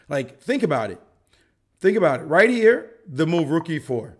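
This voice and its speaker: Brief: middle-aged man, slightly higher voice, jokey chess teacher with lots of energy, acts out the players' reactions. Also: very animated, normal speed. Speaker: chess commentator. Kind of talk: animated chess lesson.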